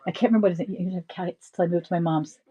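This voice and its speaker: A middle-aged woman hosting a live resale stream, rambling through animated stories and laughing often. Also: lowish voice, very fast, husky, lo-fi sound. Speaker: live-stream reseller host. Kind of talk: chatty live-selling stream.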